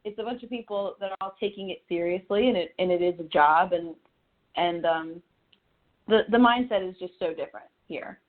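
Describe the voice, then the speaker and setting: Over a tinny phone connection, this young Connecticut woman, a singer-songwriter, talks at a normal speed in a fairly low voice. The interview is chatty, with easy laughter and plenty of restarted sentences.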